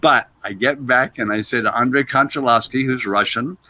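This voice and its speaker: Man, actor guest, storytelling interview, bright voice, loose and animated. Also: medium pitch, normal speed, no echo. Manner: animated, loose, trails off with "blah, blah".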